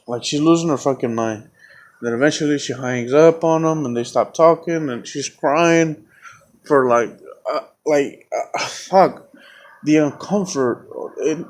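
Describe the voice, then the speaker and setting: A man's voice: mid-range voice, darkish tone, a little hiss or hum. A man hosting his own podcast, telling a story in a casual, rambling, heavily profane way. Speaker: podcast host.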